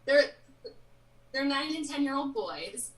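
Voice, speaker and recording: A woman's voice: sits high, expressive, slow pace. A woman in her thirties, a guest on a casual live-stream interview, speaking frankly and with strong opinions. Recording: roomy, distant from the mic.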